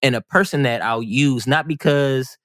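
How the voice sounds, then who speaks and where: A man co-hosting a casual podcast, talking in an animated, rambling way with many restarts and fillers. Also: medium pitch, moderate pace, no echo, studio quality. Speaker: podcast co-host.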